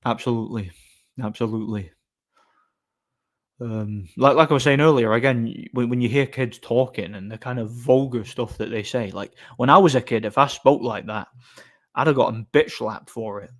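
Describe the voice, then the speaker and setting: A man's voice: mid-range voice, moderate pace. A man chatting casually on a live stream, answering chat in a blunt, opinionated, rambling way.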